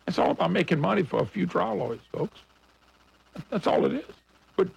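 A man's voice: a little high, gravelly, husky, rough recording. A middle-aged man hosting a radio talk show, talking in a blunt, folksy and combative way and calling his listeners folks. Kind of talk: opinionated radio monologue.

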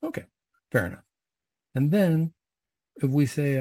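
A man's voice: on the high side, sing-song, a little slow, dark tone, slightly rough. A man leading recited prayers and then giving a conversational, reflective homily.

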